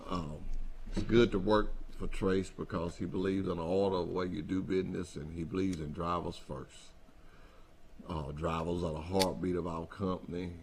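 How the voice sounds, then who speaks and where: A man's voice: deep voice, a little hiss or hum. Folksy man talking to drivers. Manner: folksy, repetitive, emphatic, with Southern dialect. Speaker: host of a company trucking show. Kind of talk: casual address to drivers.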